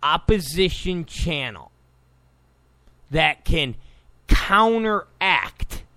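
A man's voice: a little high, sing-song, very slow, sharp tone, dry recording. A man delivering a combative, sarcastic political monologue, repeating points for emphasis. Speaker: political commentator. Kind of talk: opinionated monologue.

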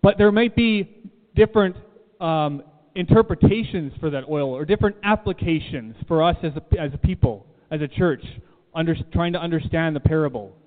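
Guy preaching w a high voice, repeats stuff for emphasis, tinny phone-ish sound w long echo. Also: normal speed. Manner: emphatic, repeats key phrases, asks the room questions. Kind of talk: sermon. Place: church room.

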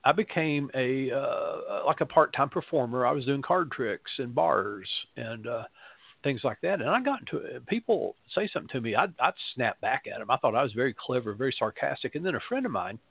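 A man's voice: medium pitch, lively intonation, a little fast, gravelly, slightly rough, no echo. A man, a pastor telling stories in a rambling, conversational way, with restarts and quoted asides. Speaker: pastor and radio show voice. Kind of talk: casual storytelling chat. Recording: dry, phone-like line.

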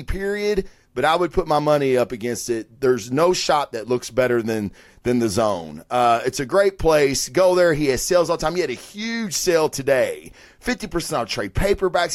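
Guy hosting his live review show, kinda high voice, rambles and swears a lot, keeps correcting himself. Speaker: host.

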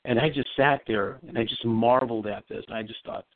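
A man speaks over a thin, dry phone line, and his voice sits at an ordinary middle pitch. He is a psychic medium telling a long story in a rambling, earnest, conversational way. The sound is close and dead, with no room around it. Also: brisk, no room sound. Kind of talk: casual storytelling on a call-in show.

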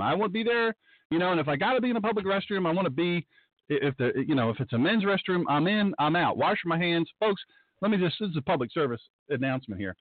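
Excitable male radio host, lively swooping pitch, dry close sound, thin phone-line tone. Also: fast, no echo. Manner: excitable, breaks into mocking high-pitched impressions. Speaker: radio show host and pastor. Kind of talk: animated talk-radio monologue.

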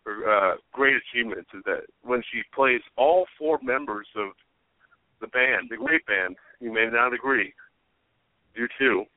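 A man's voice: mid-range voice, measured pace, no echo. A man co-hosting a comedy show, riffing crudely and rambling in casual chat. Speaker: co-host. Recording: dry, phone-like line.

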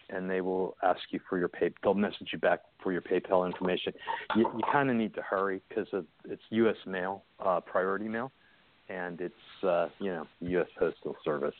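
Deep-voiced man rambling on a phone line. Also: steady tone, normal speed. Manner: hesitant, restarts and trails off. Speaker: caller. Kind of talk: casual call-in chat. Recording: tinny phone line with faint noise.

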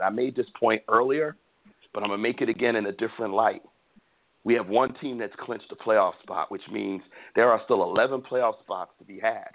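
Gravelly-voiced man ranting on a phone line. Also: medium pitch. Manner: animated, opinionated, repeats words. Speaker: podcast host. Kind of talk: casual sports talk.

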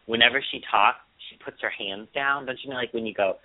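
A man co-hosting a casual podcast, telling a story in long rambling turns and acting out quoted lines in a high mocking voice. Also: brisk, dry recording. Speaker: podcast co-host. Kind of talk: casual chat. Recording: dry, tinny phone-line sound.

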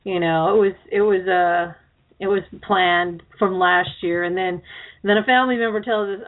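A woman's voice: fairly low pitch, fairly even intonation, normal speed. Woman co-host, casual radio banter, rambling and laughing, tinny phone-quality sound. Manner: rambling, laughs often, swears.

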